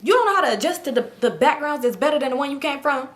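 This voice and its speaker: A woman vlogger telling a personal story in a casual, animated, profane way, acting out the voices of the people in it. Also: sits high, very fast.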